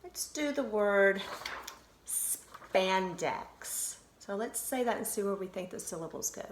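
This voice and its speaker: A woman's voice: mid-range voice, a little fast. A woman teacher giving a video phonics lesson to children, sounding out syllables and spelling words letter by letter. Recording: roomy echo, faint noise.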